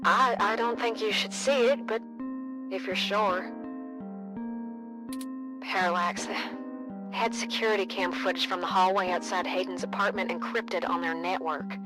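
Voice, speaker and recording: A woman's voice: mid-range voice, steady tone, unhurried, long pauses, natural voice. An actress voicing a seasoned female hacker with a Southern accent, talking in a drawling, folksy way. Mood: grieving. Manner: drawling, folksy turns of phrase. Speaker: game character, veteran hacker. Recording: game voice line over loud music.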